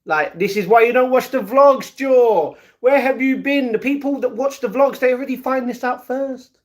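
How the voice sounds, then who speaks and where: A young man with a British accent and a notably high speaking voice for a man, hosting a casual live stream. He chats loosely with his viewers, greets them one by one, and slips into playful improvised rhymes. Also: moderate pace. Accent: British English. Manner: chatty, greets chat viewers by name; playful, breaks into improvised rap.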